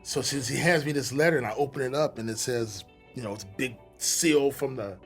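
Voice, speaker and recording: A middle-aged man, a podcast guest, telling his story in a casual, animated, profane way with many restarts. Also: medium pitch, a little fast, breathy edge, faint music behind.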